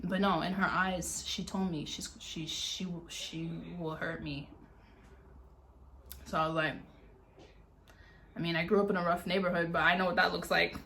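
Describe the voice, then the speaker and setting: A young woman vlogger telling a dramatic story in a casual, animated way, full of fillers and acted-out sounds. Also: lowish voice, normal speed, pauses often.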